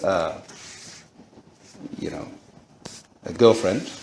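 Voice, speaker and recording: A man telling the audience his own story in a lively storytelling talk, full of rhetorical questions. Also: deep voice, drawn-out words, creaky, roomy sound, a little hiss or hum. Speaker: speaker giving a conversion testimony.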